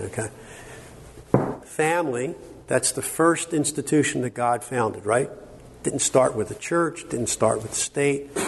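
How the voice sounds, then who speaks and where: This workshop speaker at a conference has a mid-range male voice, and there's a little hiss or hum in the audio. His lecture is chatty and emphatic, punctuated by frequent "okay?" check-ins with listeners.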